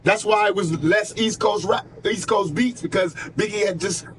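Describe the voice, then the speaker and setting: A man in his twenties telling stories in a radio interview, animated, emphatic and profane. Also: high voice, moderate pace, a little hiss or hum. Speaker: rapper guest.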